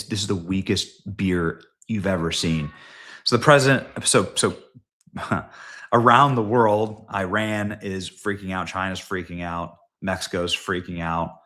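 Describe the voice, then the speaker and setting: Fired-up male live stream commentator. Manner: fired-up, emphatic, swings to sudden loud high outbursts. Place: at home.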